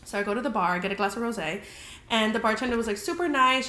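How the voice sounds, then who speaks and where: A woman's voice: a little high, fast talker, sharp tone. A young woman casually telling a story as a podcast host, chatty and full of "like", swearing freely. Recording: roomy echoey room.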